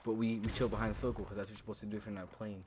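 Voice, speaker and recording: A man's voice: lowish voice, flat delivery, racing, noisy background. Rambling, foul-mouthed young man telling a story. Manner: rambling, profane, filler-heavy. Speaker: storytime vlogger. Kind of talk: casual storytelling.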